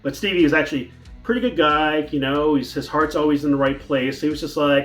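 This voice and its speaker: A man's voice: fairly high pitch, a little fast, a bit bright, faint music behind. A man telling a personal story in a casual vlog, rambling with restarts and fillers. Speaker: vlogger.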